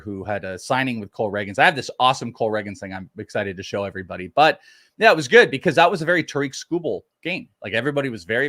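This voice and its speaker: A man's voice: lowish voice, pushed and bright, no room sound, clean studio sound. A man co-hosting a live fantasy baseball show, leaning hard on key numbers as he reads out prospect stats. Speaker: co-host, prospect analyst.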